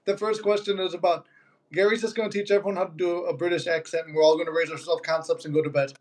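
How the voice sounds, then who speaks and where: A man's voice: fairly high pitch, steady tone, fast, darkish tone. A man with a Chicago accent hosting a casual livestream chat, chatty and joking as he reads viewer comments aloud. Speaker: livestream host.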